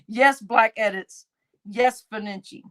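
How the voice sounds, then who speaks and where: High-voiced woman streaming slowly. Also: fairly even intonation, fairly bright tone. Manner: laughs often, swears freely, talks straight to viewers. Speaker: live streamer reading chat. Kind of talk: casual live-stream chat.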